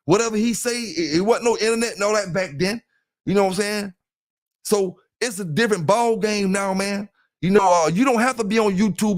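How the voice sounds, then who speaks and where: High-voiced talkative Southern man. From South Carolina. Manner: loose and talkative, keeps saying "you know what I'm saying", greets chat members. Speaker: livestream host. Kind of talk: casual livestream talk.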